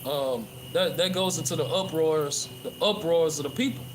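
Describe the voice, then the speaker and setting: A man with a slightly high voice preaching off the cuff outside in a park, swearing freely and stumbling through fillers and restarts. Clear outdoor noise runs under his voice. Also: moderate pace. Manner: profane, rambling with many fillers and restarts. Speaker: religious livestreamer. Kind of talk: casual street preaching.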